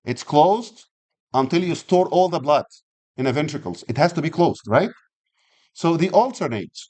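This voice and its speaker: A man's voice: a little high, expressive, moderate pace, dark tone. A man teaching an anatomy class, explaining step by step, checking in with frequent rhetorical questions and restarting phrases. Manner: uses physical demonstrations while explaining. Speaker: anatomy and physiology instructor. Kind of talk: classroom lecture.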